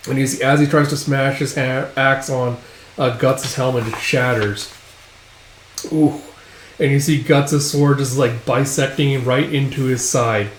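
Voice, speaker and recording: A man's voice: medium pitch, steady tone, moderate pace, a little hiss or hum. A man casually recapping a comic book page by page, with loose filler-heavy retelling. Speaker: comics reader and commentator. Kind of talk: casual read-through recap. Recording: roomy echo.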